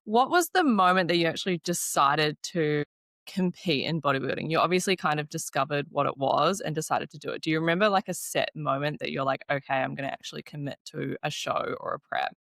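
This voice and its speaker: A woman's voice: low voice, fairly quick, vocal fry, fairly bright tone, no echo, studio quality. A woman hosting a podcast, reflecting on the guest's story and asking questions in a casual, encouraging way. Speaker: podcast host. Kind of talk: casual interview.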